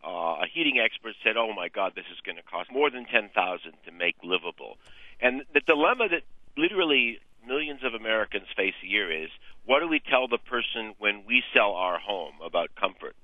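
A man's voice: fairly low pitch, animated, brisk, dry recording. A man from the US West Coast calling in to a radio show, explaining his problem hesitantly with many fillers. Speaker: caller. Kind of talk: call-in radio chat. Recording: tinny phone line.

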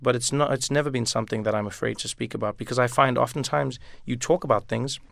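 Gravelly man, reflective. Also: mid-range voice, fast talker, a bit bright, no room sound. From South Africa. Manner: thoughtful, repeats words as he thinks. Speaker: comedian guest. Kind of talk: reflective interview talk.

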